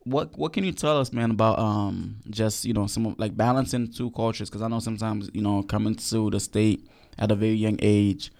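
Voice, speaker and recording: A man's voice: fairly low pitch, steady tone, a little fast, creaky, hardly any pauses, darkish tone. A young man hosting a podcast, asking rambling, filler-heavy questions in a friendly way. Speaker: podcast host. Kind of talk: casual interview.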